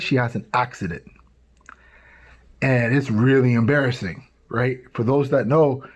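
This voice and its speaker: A man telling religious stories to tweens in a casual, animated way, checking in with the listeners often. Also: medium pitch, slightly rough. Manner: casual, animated, tags lines with "right?"; acts out quoted voices. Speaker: youth speaker. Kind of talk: storytelling talk to tweens.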